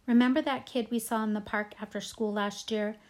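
A woman's voice: a little high, steady tone, brisk, darkish tone, natural voice. A woman voicing a blunt, exasperated middle-school boy in a storybook reading. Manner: exasperated, emphatic.

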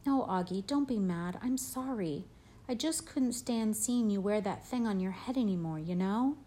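A woman reading an audiobook, voicing an affectionate father who talks to his son gently and jokingly. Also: mid-range voice, expressive, moderate pace, close to an everyday voice. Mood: tender. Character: fond, gently teasing father of a boy. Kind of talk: audiobook character voice.

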